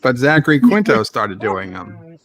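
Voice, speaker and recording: A man's voice: medium pitch, very animated, normal speed, fairly bright tone. A man hosting a casual livestream chat, joking with his guests and reading out viewer messages. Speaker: host.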